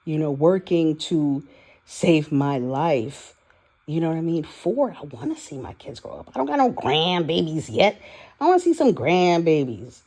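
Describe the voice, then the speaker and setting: A woman with a low, warm, relaxed voice shares her life candidly in a personal vlog. She talks openly and emotionally, laughing often and trailing off into restarts as she searches for words. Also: a little slow. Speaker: vlogger. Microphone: audio only, no video.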